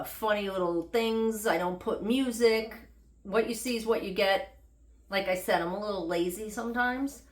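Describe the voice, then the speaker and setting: A woman's voice: medium pitch, fairly bright tone. A middle-aged woman vlogging a casual, unedited health update in a rambling, chatty way with self-deprecating humor. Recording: echoey room.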